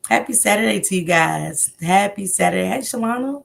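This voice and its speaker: Gravelly low-voiced woman livestreaming. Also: normal speed. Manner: greets chat viewers by name between loose, rambling commentary. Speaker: livestream host. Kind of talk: casual livestream chat.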